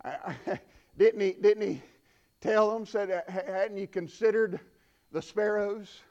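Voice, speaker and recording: A man preaching a sermon, swinging from hushed asides to shouted peaks. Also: high voice, fairly even intonation, slow. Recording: dull lo-fi recording.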